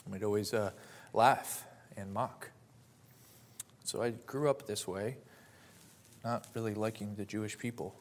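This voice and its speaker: A man's voice: fairly low pitch, fairly even intonation, unhurried, pauses often, a little hiss or hum. Earnest young man preaching a testimony. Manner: earnest, heartfelt storytelling, rising to fervent emphasis. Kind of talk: personal testimony and sermon.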